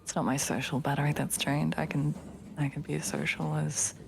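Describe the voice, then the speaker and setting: A tired woman streamer chatting casually with viewers, laughing often and slipping into soft whispers. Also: deep voice, little pitch movement, a little fast, vocal fry, noisy background. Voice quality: tired, giggly. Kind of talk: casual chat reading viewer comments.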